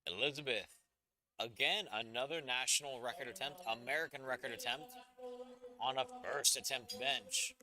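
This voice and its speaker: A man's voice: medium pitch, big pitch swings, moderate pace, sharp tone. A man announcing a powerlifting meet live, calling lifts and judges' decisions with upbeat, joking asides.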